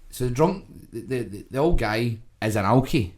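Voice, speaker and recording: A man's voice: medium pitch, lively intonation, moderate pace. A man with a Glaswegian accent, a podcast co-host telling a rambling, sweary comic story and checking in with "right?".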